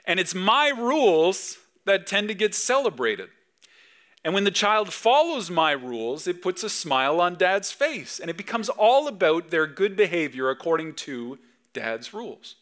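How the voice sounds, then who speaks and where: A man in his thirties, a pastor preaching a sermon with emphatic swings between loud and soft. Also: sits high, big pitch swings, a little slow. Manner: acts out dad talking to his kids.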